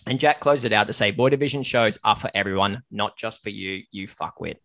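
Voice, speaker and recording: A man's voice: lowish voice, fairly quick, vocal fry, fairly bright tone, dry recording. A man hosting a casual podcast chat, earnest on serious points and joking with his guests. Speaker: podcast host.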